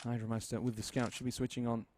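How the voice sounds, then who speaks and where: A man casting a competitive shooter game match with fast, joking play-by-play commentary. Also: medium pitch, level tone, a little mellow, slight background noise. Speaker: esports caster.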